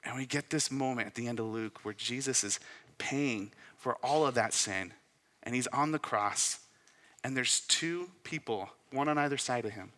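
A young man preaching a sermon as pastor, rising to loud emphatic peaks and dropping to soft hushed asides. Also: mid-range voice, normal speed, in a large hall.

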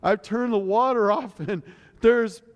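A man voicing his panicked young adult daughter, frantic and close to tears, with a rushed, rising delivery. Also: on the low side, fairly even intonation, darkish tone, clean tone, pitched above the performer's own voice, lightly acted. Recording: long hall reverb.

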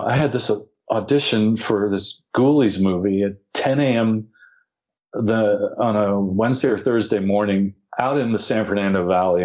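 An older man with a lowish voice spins a showbiz anecdote with relish, playing the other people in it and poking fun at himself. The audio is dull and lo-fi. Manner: animated, acts out quoted voices, self-deprecating. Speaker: podcast guest, actor. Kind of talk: anecdotal storytelling.

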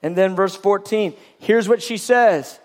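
A man's voice: high-pitched, measured pace. A man preaching a sermon, fervent and emphatic, often restarting his phrases as he builds a point. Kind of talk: sermon teaching.

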